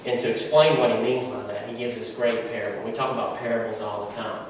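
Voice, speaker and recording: A man's voice: medium pitch, fairly even intonation, brisk, few pauses, noisy background. A male pastor preaching a sermon in a conversational, emphatic storytelling manner, recorded from far off in a church. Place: church sanctuary. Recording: echoey church hall from far off.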